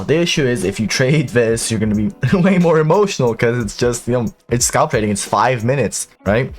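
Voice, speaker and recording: A young man giving a brash, casual trading tutorial, swearing often and talking straight to viewers. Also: mid-range voice. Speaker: crypto trading YouTuber. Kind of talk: casual profane tutorial monologue.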